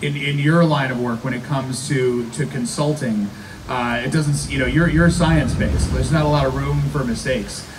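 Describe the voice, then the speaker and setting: A man moderating a live fan panel, asking measured, thoughtful questions. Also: mid-range voice, fairly even intonation. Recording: distant mic with background noise.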